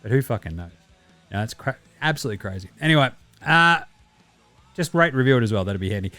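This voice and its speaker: A man's voice: mid-range voice, animated, quick pace, sharp tone, no room sound, soft background music. A man with an Australian accent signing off his podcast casually, laid-back and swearing now and then. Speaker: podcast host.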